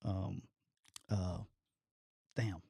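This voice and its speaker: A man, a podcast co-host and former football coach, telling a story in casual chat, acting out quotes loudly and laughing often. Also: sits low, fairly even intonation, very slow, creaky, breathy edge, no room sound.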